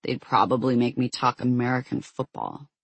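A sardonic teenage boy with a theatrical drawl, put on by an audiobook narrator. The voice is slightly husky and dry, with no room around it. Every line lands with world-weary mock drama. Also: medium pitch, moderate pace, dry recording. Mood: wry.

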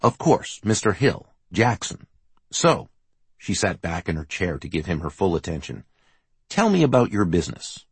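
A man's voice: deep voice, big pitch swings, moderate pace, husky, no echo, heavily acted. A man doing a composed businesswoman. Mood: businesslike.

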